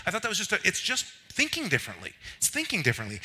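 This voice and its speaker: A man, a pastor, delivering a lively, conversational sermon in church. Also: sits high, fast, hardly any pauses, slight background noise. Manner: energetic, conversational, animated preaching.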